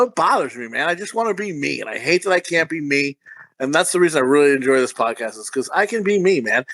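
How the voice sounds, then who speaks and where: A man's voice: high-pitched, bright, forceful tone, no echo. A man co-hosting a comedy podcast, chatting crudely about a movie in a rambling, vulgar, self-amused way. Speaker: podcast co-host.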